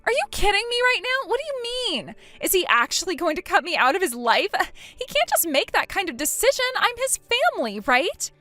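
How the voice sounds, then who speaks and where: A woman's voice: high-pitched, very animated, moderate pace, a bit bright, no room sound, soft background music. A woman voicing a spiteful mocking sister-in-law. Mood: indignant. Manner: mocking, taunting, later pleading. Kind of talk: text-message story reading.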